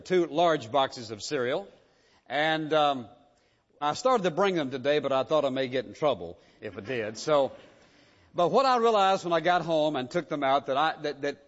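A male pastor delivers a sermon in a fairly high voice, driving his points home with rhetorical questions and repetition. The sound is muffled and lo-fi. His words ring out with a long echo through a large hall. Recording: dull lo-fi sound in a reverberant hall.

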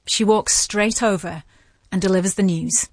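A woman giving scripted narration as a podcast host, vivid and measured. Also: mid-range voice, no room sound.

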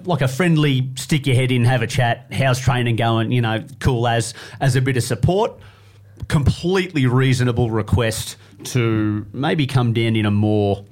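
Australian male podcast co-host, conversational storyteller, animated delivery. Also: mid-range voice. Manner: animated storyteller, acts out quotes. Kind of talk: casual chat.

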